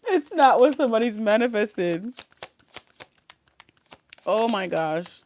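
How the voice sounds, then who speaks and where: A woman's voice: a little high, expressive, takes it slowly, darkish tone. A woman giving a casual tarot reading, rambling and giggly with many fillers and restarts, talking around a sore wisdom tooth. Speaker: tarot reader. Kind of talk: casual spiritual reading monologue.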